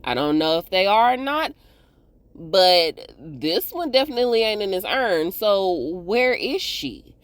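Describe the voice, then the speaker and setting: A woman hosting a casual TV episode recap, chatting to viewers in a slangy, animated way. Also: medium pitch, measured pace, no room sound. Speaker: TV recap host.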